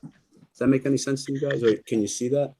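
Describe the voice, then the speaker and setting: A man's voice: mid-range voice, fairly even intonation, fairly quick, warm tone, husky. A man on a live stream panel, sounding puzzled as he fumbles through his computer settings. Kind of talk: casual live-stream chat.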